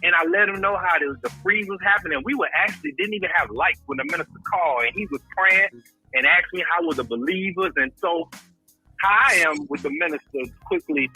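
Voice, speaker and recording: A man with a high, gravelly, husky voice gives an impassioned testimony like a preacher, calling people "brother" and using religious phrasing as he grows louder and more intense. He is a guest recounting a friend's illness, recorded roughly at home in Houston.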